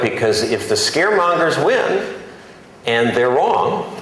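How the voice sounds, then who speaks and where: A man's voice: a little high, animated, unhurried, a bit bright. Man speaking emphatically in an echoey hall. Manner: emphatic, self-deprecating, plainspoken. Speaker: journalist giving a conference speech. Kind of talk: speech to an audience. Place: large conference hall. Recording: very echoey hall, faint background noise.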